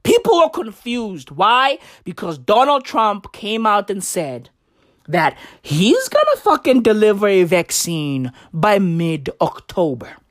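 A woman delivering a brash comedic rant full of slang, with wild swings in pitch and teasing, drawn-out lines. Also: big pitch swings.

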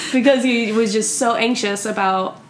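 A woman guest joins a casual film chat. Her voice sits a little high as she quotes characters in playful mock voices. Faint noise runs underneath. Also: a little slow. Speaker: podcast guest.

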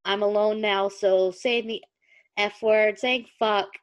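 A woman hosting a casual podcast chat and reading fan fiction aloud, animated and quick to laugh. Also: mid-range voice, lo-fi sound. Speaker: podcast host and reader.

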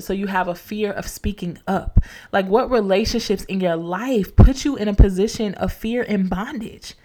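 A woman's voice: mid-range voice, a little mellow. A woman hosting a motivational faith-based podcast. She talks casually and speaks straight to her listeners as friends, repeating key lines the way a preacher does. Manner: casual, encouraging, preacher-like repetition, addresses listeners as y'all. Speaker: podcast host.

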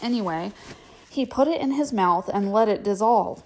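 A woman's voice: medium pitch, moderate pace, darkish tone. A woman reading a novel aloud, breaking off for chatty, filler-heavy asides. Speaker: reader. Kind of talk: audiobook reading with casual asides.

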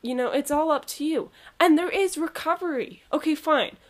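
A woman's voice: high-pitched, normal speed. Chatty teenage girl. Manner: chatty, animated, slangy. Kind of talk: casual chat.

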